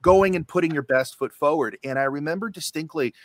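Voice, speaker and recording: A man's voice: on the high side, brisk, no room sound, studio quality. Rambling man telling stories on a panel. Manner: rambling, with many restarts and fillers. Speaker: voice actor on a panel. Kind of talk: casual anecdote telling.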